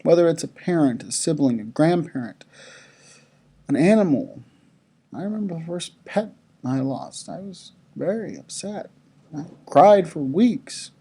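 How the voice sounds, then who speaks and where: A speaker giving a chapel talk to school children, telling a story gently and asking the listeners questions. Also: mid-range voice, lively intonation, a little slow, slightly rough.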